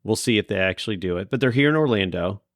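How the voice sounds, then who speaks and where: A man with a Kentucky accent hosts a casual podcast from an office room, talking in a loose, rambling, self-deprecating way. His voice sits low, and the recording is dry and close. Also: animated, fast, dry recording. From Kentucky, USA. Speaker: podcast host.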